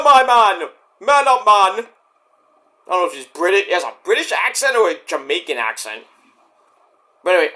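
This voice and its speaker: A man's voice: fairly high pitch, bright, forceful tone. A man casually recapping and reviewing a wrestling show, chatty and profane, acting out the wrestlers' lines as he goes. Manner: profane, chatty, acts out quotes.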